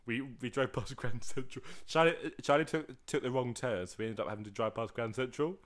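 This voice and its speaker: A man's voice: mid-range voice, a little fast. Rambling man telling stories. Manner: rambling, excitable, lots of fillers and restarts. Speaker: podcast co-host. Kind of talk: casual storytelling chat. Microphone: podcast mic.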